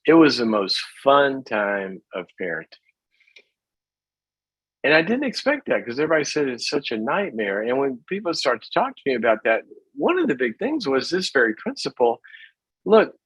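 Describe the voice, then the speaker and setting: A man's voice: mid-range voice, a bit bright, slightly rough, no room sound, highs cut off. A middle-aged man hosting a call-in advice show, talking in a casual, folksy way and acting out little scenes.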